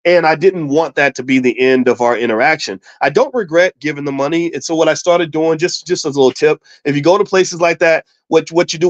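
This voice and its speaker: A man from Kentucky telling a travel story as a finance show host, animated and stumbling over restarts, acting out what people said. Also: on the high side, dry recording. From Louisville, Kentucky. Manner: animated, repeats words and restarts, acts out quotes. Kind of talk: casual storytelling with money advice. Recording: dull, slightly lo-fi dry sound.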